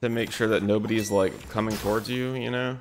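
A man chatting casually in a relaxed, rambling way. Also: on the low side, brisk, over music. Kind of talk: casual chat. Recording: loud background noise.

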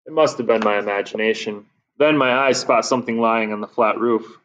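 A man giving lively, expressive first-person narration of a children's audiobook. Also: fairly low pitch, fairly quick, dull audio.

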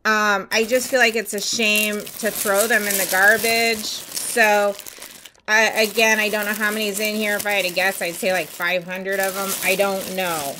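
A woman's voice: mid-range voice, little pitch movement, moderate pace, background noise. A woman chatting casually in a home vlog, rambling and candid as she shows off nail supplies, with lots of fillers. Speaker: nail artist selling supplies. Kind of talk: casual show-and-tell vlog.

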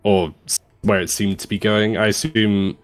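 Low-voiced hesitant man playing a tabletop game. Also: steady tone, moderate pace, dry recording, faint music behind. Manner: hesitant, lots of ums and restarts. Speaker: player. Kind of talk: tabletop game play over a voice call.

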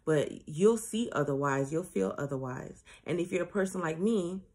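A woman's voice: on the low side, moderate pace, darkish tone. A woman in her late thirties, a spiritual advisor hosting her own show, talking casually and earnestly to her viewers, mixing jokes with serious advice. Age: late 30s. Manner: chatty and informal, mixes jokes with earnest advice. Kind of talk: casual spiritual talk to camera.

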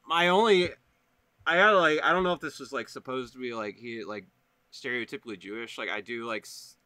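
A man with a bright, forward tone discussing a film on a casual podcast. He stumbles and restarts often and leans on "like." The recording is dry and close. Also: mid-range voice, brisk, no room sound. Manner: hesitant, stumbling with many "like" fillers. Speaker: podcast co-host.

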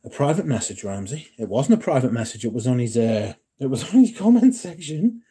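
Guy on a livestream, very dark husky voice, sweary jokey chat. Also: mid-range voice, big pitch swings, fairly quick. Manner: sweary, joking banter with chat. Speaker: livestream host. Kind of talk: casual livestream chat reading comments.

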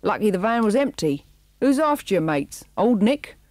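A woman's voice: medium pitch, big pitch swings, normal speed, darkish tone, no echo, studio quality, lightly acted. A woman voicing a chummy male terrier. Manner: matter-of-fact, chummy. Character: friendly easygoing male Staffordshire Terrier.

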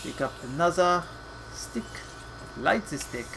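A man hosting a let's play, joking, laughing often, swearing freely and ranting, sometimes reading game text aloud slowly and dramatically. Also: fairly high pitch, noisy background. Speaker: gaming channel host.

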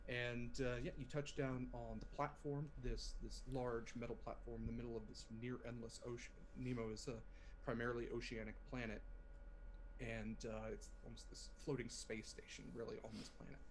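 A man's voice: medium pitch, little pitch movement, normal speed, a little hiss or hum, poor audio. Casual male game master narrating. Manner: casual, hesitant with fillers.

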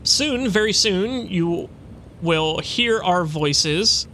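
A man's voice: high voice, animated, very slow, bright, forceful tone, a little hiss or hum, full character voice. A man reading the lines of a mad, arrogant male cultist in a video game, with a taunting manner. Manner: taunting, grating laughter.

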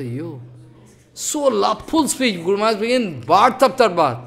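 A man giving a devotional sermon as a spiritual teacher, in halting, repetitive phrases with emphatic rises and sudden soft drops. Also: sits high, creaky.

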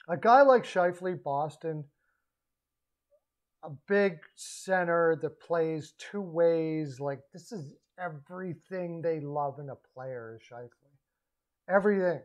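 Male hockey commentator, slightly high voice, casual and rambling, self-correcting. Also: darkish tone, low-quality recording. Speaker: hockey podcaster.

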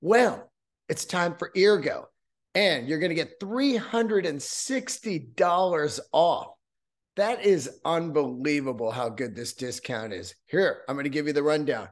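A man's voice: fairly high pitch, expressive, unhurried. A man with a slightly raised voice hosts his own podcast and talks straight into a studio mic. He rambles, swears freely and drifts off into asides as he goes. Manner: loose, profane, rambling with asides. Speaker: podcast host. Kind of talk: casual solo podcast monologue.

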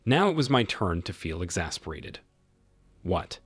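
Husky low-voiced male storyteller. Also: brisk, dry recording. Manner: expressive storytelling. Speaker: narrator. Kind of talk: first-person story narration. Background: faint music.

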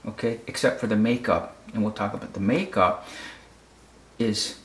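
Talking at a moderate pace in a lowish voice, this man from the United States walks through a fashion photo as a critic in a casual manner. Words get repeated, "okay?" comes up often, and the room echoes.

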